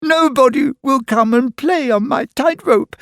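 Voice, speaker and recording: A man voicing a lonely, tearful little girl tightrope walker in a storybook, pleading in a high voice. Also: a little slow, no room sound, clean studio sound.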